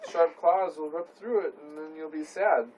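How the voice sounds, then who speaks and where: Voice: mid-range voice, steady tone, normal speed, recorded from a distance, muffled recording, a little hiss or hum, close to an everyday voice. A young adult doing a friendly one-eyed monster. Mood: goofy. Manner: giggly, rambling.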